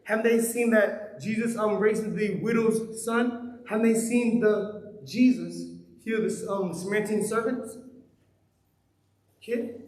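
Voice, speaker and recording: A man's voice: high-pitched, measured pace, echoey room, poor audio. A man preaching a sermon in a conversational way, asking his listeners question after question. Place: church hall.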